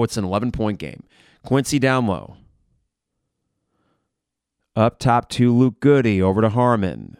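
A man hosting a live game reaction podcast, blunt and frustrated, who swears and flares into shouting. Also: fairly low pitch, clean tone, no echo, studio quality.

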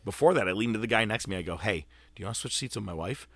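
A man hosting a podcast, swearing freely while he tells a story. His voice is bright and lively, swinging up and down. The recording is close and dry. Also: on the low side, rapid-fire, husky, no room sound. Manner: profane, animated, acts out quotes. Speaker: podcast host. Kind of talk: casual storytelling chat.

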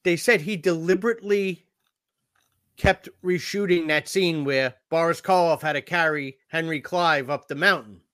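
A man's voice: fairly high pitch, normal speed, fairly bright tone, dry recording. A man in a casual podcast chat about a film, blunt and swearing freely. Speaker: podcast co-host. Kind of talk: casual movie discussion.

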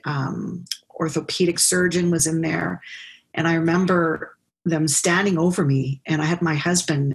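Husky-voiced woman telling a story. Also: deep voice. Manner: animated storyteller, laughs often, acts out quotes. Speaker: guest, business founder. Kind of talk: conversational interview.

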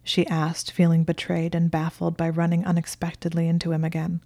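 Woman, story reader, steady even narration, lowish voice, warm mellow tone, dry close recording. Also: fairly quick, gravelly, no echo. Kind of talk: reading a fan story aloud.

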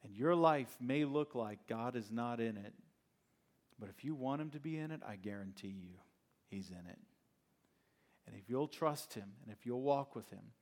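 A man's voice: medium pitch, a little mellow. A male pastor preaching a sermon in a conversational, storytelling way, with plenty of rhetorical questions.

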